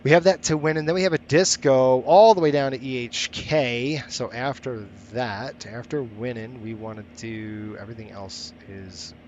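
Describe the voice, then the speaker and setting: A man's voice: mid-range voice, fairly even intonation, normal speed, hardly any pauses, a little mellow, lo-fi sound, a little hiss or hum. Guy streaming live, mumbling through his setup, talks to chat now and then, voice sits mid-range for a man. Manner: thinking aloud while setting up, chatting with viewers. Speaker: flight sim streamer.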